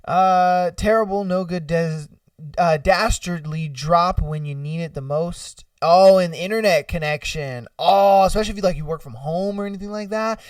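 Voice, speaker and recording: A man's voice: high-pitched, normal speed, no echo, studio quality, far from the mic. A man hosting a podcast, chatting casually and profanely, laughing often and acting out silly scenarios. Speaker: podcast host. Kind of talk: casual solo commentary reading listener ideas.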